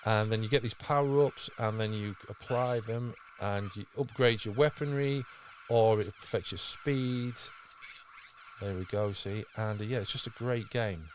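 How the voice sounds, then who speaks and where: A podcast host with a lowish voice speaks unhurriedly over slight background noise. He talks with enthusiasm in casual chat, rambling through fillers and restarts.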